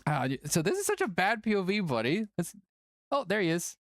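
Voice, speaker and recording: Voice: mid-range voice, huge pitch swings, quick pace, a bit bright, dry recording, clean studio sound. A tournament stream host chatting casually and playfully, often cooing at a cat between updates. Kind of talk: casual livestream chat.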